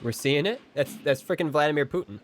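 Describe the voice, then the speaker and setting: A man livestreaming a video game, commenting casually and excitedly, joking and talking to his chat. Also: fairly high pitch, brisk, slight background noise. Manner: excitable, jokey, talks to chat. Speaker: game streamer. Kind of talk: casual live gameplay commentary.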